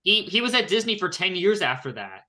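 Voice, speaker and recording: A man who is a guest on an animation podcast, speaking eagerly with many restarts and repeated words. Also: a little fast. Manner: eager, stumbling restarts, rises in pitch when excited. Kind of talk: casual chat.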